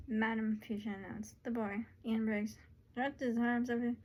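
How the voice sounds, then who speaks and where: A woman reads out her own story in a relaxed, casual way, often wandering off into chatty asides. Her voice sits a little high, and a faint hiss runs underneath. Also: moderate pace, rough recording.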